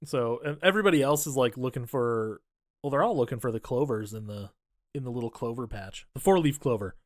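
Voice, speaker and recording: A man with a medium-pitched voice talks through a movie's plot in loose, sardonic podcast chat, swearing freely. The sound is close and dry, with no room echo. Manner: profane, sardonic recapping with quick voices for characters. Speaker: podcast co-host. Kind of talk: casual movie recap chat.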